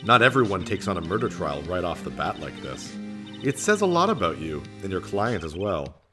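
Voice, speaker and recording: A man voicing a female senior attorney in his normal voice, calm and encouraging. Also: low voice, normal speed, over music, voice pushed down.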